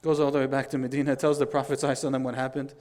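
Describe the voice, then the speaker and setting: A middle-aged man giving a Friday sermon, telling stories in an animated way, acting out the dialogue and reciting quotations quickly. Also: mid-range voice. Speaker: preacher.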